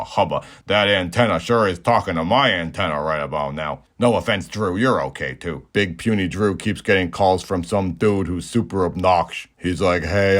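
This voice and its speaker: A man in his thirties giving a deadpan, joke-filled comedic recap of a movie as the host of his show. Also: sits low. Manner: deadpan, absurd jokes. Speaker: movie reviewer.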